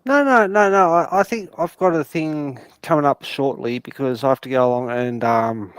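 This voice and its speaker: A man's voice: medium pitch, moderate pace, clean tone, no echo. An Australian man chatting on a panel call, rambling and self-deprecating, with heavy swearing. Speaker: panel guest. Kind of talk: casual chat.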